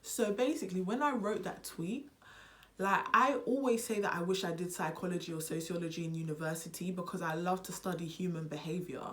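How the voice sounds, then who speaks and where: A young British woman chatting on her vlog in an animated, playful way, switching between a British and a Nigerian accent. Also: on the low side, fairly quick. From United Kingdom. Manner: animated and unserious. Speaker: vlogger. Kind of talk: casual vlog chat.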